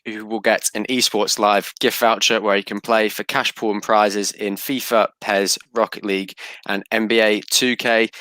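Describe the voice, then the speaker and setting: A man's voice: lowish voice, fairly bright tone, no echo. A man hosting a casual fantasy football podcast, chatty and reading out league standings. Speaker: host.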